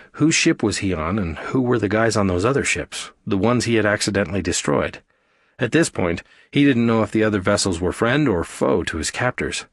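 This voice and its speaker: Reading a scripted science fiction audiobook, a man keeps his storytelling steady and even. His voice sits on the low side, and the studio sound is clean with no echo.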